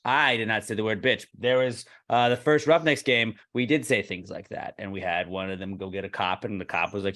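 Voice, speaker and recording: Lowish-voiced swearing podcast co-host. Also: male voice, a little fast, hardly any pauses. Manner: animated storyteller, swears freely, acts out quoted exchanges. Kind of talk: casual podcast banter.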